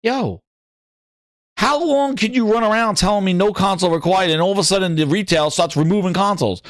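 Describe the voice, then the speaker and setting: A man hosting a gaming podcast, talking loudly and animatedly, teasing and incredulous. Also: high-pitched, brisk, no echo, studio quality. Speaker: podcast host. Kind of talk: excited casual gaming talk.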